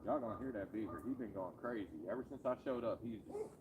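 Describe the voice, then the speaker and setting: A man's voice: medium pitch, expressive, fast talker, noisy background. A man casually chatting with viewers during a live fishing stream, talking in a laid-back, joking way, recorded outdoors on a riverbank at night on a phone.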